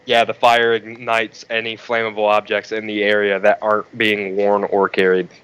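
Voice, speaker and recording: Low-voiced man playing a tabletop game. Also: completely flat delivery, normal speed, fairly bright tone, clear, resonant tone, low-quality recording. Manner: methodical, checks the rules. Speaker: player. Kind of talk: casual tabletop game chat.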